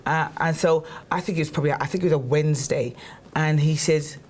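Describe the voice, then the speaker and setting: A woman from England, a singer telling stories from her career in a chatty, animated way, with fillers and restarts, raising her voice to act out quotes. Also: deep voice, a little fast, husky. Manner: animated, acts out quotes in a raised voice. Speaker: guest singer. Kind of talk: casual storytelling interview.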